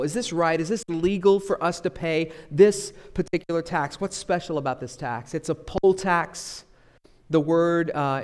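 A man preaching from the pulpit, his voice sitting a little high and rising into loud, stressed phrases before dropping to quiet asides. The sermon rings through a church sanctuary with a long, hall-like reverb. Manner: dynamic preaching, swings between loud emphasis and quiet asides. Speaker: pastor.

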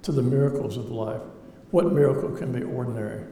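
Gravelly man testifying in an echoey hall. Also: medium pitch, steady tone, fairly quick, mellow, a little hiss or hum. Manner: earnest, reflective, wry humor. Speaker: lay speaker giving testimony. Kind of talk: personal testimony sermon. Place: large hall before an audience. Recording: echoey hall with faint ambience.

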